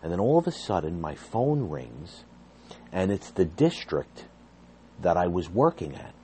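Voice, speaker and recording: A man with a deep, warm, soft-edged voice tells a personal story. His delivery is earnest and agitated, climbing in intensity as he relives events. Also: sing-song, unhurried, slight background noise. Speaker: fired behavior therapist telling his story.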